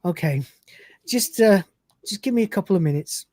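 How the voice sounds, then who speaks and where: A man's voice: high-pitched, animated, moderate pace, darkish tone, dry recording. Brief: man reading as a laid-back, tired young spaceman, dry close mic. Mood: weary. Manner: lightly read-out quotes, mild lift.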